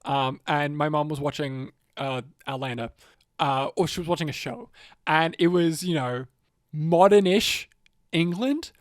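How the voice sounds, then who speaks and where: A man's voice: fairly high pitch, measured pace, no room sound. Man's rambling, swearing banter in a dry, close room. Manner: rambling, swears a lot, loud comic outbursts. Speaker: podcast co-host. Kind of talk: casual banter.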